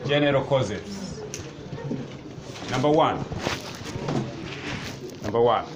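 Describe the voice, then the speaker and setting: A male history teacher dictates notes to a class, slowly repeating each phrase. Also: mid-range voice, lively intonation. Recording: noisy classroom ambience.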